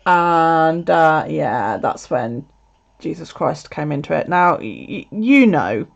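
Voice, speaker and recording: Woman vlogger, casual chat, cheerful swearing, lively pitch, lo-fi home sound. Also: takes it slowly, creaky. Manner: chatty, swears freely, lots of laughter. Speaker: video creator. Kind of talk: casual live chat to viewers. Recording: dull lo-fi sound.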